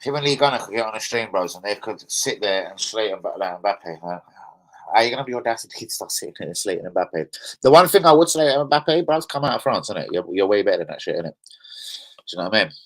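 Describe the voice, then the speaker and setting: Animated football streamer. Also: male voice, fairly low pitch, a little fast, low-quality recording. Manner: slangy, chatty, animated banter with chat. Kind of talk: casual live-stream chat.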